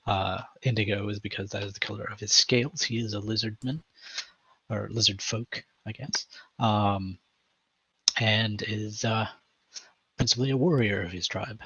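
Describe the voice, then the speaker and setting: A man with a very raspy, bright-edged voice, a player in a tabletop game. He speaks in a halting, unsure way. His voice comes through a dull, lo-fi voice chat. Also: lowish voice, steady tone, dry recording.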